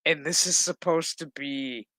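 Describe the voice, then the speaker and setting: A man with a somewhat high, forceful voice rants through a casual, profane recap of an episode. He slips into the characters' lines with exasperated energy, and the sound is dry and close. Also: unhurried, no echo. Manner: animated, swearing, acts out dialogue; exasperated rant. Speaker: show recap host.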